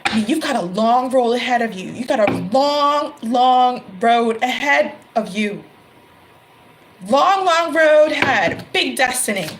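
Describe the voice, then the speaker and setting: A woman's voice: on the high side, unhurried, hardly any pauses, noisy background. Emphatic woman giving a tarot reading. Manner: emphatic, repeats phrases, exclaims. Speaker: tarot reader.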